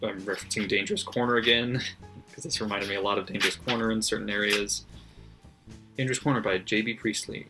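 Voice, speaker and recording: A man's voice: fairly low pitch, steady tone, fast talker, bright, forceful tone. A man casually reading out his margin notes from a book, laughing often and swearing freely. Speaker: book vlogger. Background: faint background music.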